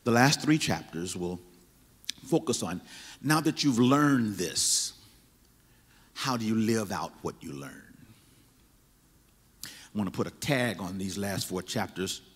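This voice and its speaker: A man's voice: fairly low pitch, animated, slow, pauses often, slightly rough. A man preaching a sermon as pastor, repeating and stressing his words as he builds emphasis. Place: church sanctuary. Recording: reverberant church hall.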